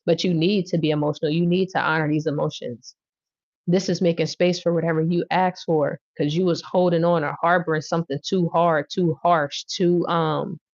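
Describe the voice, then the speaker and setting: A woman giving a casual tarot reading on a livestream, talking bluntly with lots of swearing, bursting into loud laughter and acting out scenes. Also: on the low side, no room sound, dull audio. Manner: blunt, profane, laughs loudly and acts out scenes. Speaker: tarot reader.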